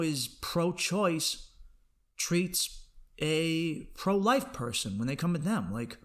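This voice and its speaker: A man hosting a comedy podcast, delivering a profane, animated rant and acting out other people's voices in quotes. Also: on the high side. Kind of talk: ranting comedic monologue.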